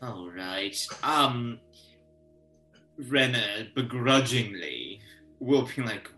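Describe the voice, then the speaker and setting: Brief: playful male tabletop player, animated and bright, acts out his character. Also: mid-range voice, drawn-out words, pauses often, soft background music. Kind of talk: playing a tabletop game.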